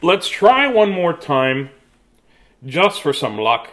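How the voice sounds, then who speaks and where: A man's voice: fairly high pitch, big pitch swings, takes it slowly, a bit bright, exaggerated voice. A man voicing a bossy female dog who coaches a friend, in an emphatic, teasing storybook voice.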